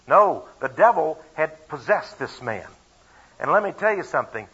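A man delivers a sermon to a congregation, his voice bright and forceful with a husky edge, sitting a little higher than most men's. He leans on key phrases, repeating them and throwing out rhetorical questions. The recording sounds dull and lo-fi. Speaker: preacher. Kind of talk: sermon with scripture reading and personal story. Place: before a live congregation.

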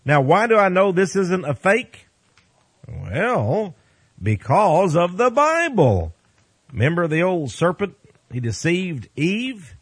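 A man's voice: high voice, wildly swooping pitch, slow pace, slightly rough, no room sound. A man speaking as a radio preacher, giving folksy preaching commentary on the news with exclamations, chuckling asides and frequent calls to his "friends.".

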